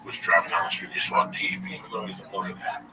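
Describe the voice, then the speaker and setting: A man in his forties telling a long personal story as a guest, casual and profane, with animated delivery. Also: sits low, very fast, over loud music. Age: 40s. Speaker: comedian guest. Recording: distant mic with loud background noise.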